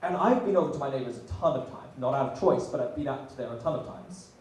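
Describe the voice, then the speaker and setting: A young man performs a stand-up set in a mellow, darker voice. He mixes dry, deadpan asides with loud punchlines. The sound comes from a distant mic in a very echoey room. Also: mid-range voice, fast, slight background noise. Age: young adult. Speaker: student stand-up comic. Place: small comedy venue, audience laughing. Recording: very echoey room, heard from afar.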